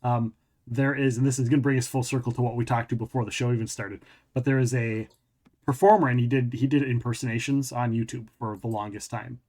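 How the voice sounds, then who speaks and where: A man's voice: mid-range voice, fairly even intonation, a little fast, darkish tone. A man hosting a podcast who also runs tabletop games, telling a long rambling story that keeps looping back on itself in casual conversation. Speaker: podcast host and tabletop game master. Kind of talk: casual interview chat.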